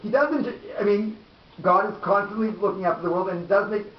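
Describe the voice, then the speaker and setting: A man's voice: sits high, fairly quick. A man in the class asking eager questions, often interrupting and leaving his thoughts half finished. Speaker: student. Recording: distant voice in an echoey room, lo-fi.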